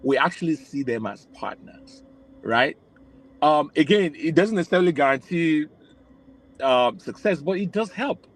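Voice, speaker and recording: A man's voice: on the high side, animated, moderate pace, poor audio. A man from Nigeria, a podcast guest, explaining his views at length in a reflective way, often restarting his sentences. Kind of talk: casual podcast conversation.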